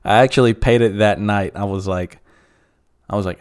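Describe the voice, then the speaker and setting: Man, solo podcast host, casual rant, profane and rambling, lowish smooth voice. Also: steady tone, moderate pace. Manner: profane, rambling, frequent fillers.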